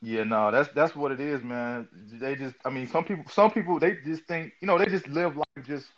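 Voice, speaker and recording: A man's voice: mid-range voice, moderate pace. A man hosting a podcast, chatting in a laid-back way with lots of fillers. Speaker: podcast host. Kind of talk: casual chat. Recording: dull lo-fi audio.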